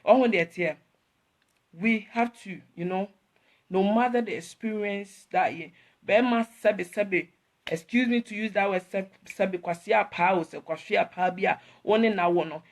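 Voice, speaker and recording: A woman's voice: medium pitch, moderate pace. A woman, hosting an emotional live talk to her viewers, rambling and repeating herself as she switches between English and Twi. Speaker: online host talking to viewers.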